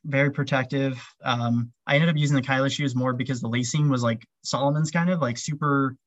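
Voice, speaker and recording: A man's voice: medium pitch, fairly even intonation, brisk, dry recording. Guy on a podcast rambling about gear, lots of ums and likes, kinda muffled dry sound. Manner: rambling, heavy with fillers like "um" and "like". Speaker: podcast guest, ultrarunner. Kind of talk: casual interview chat.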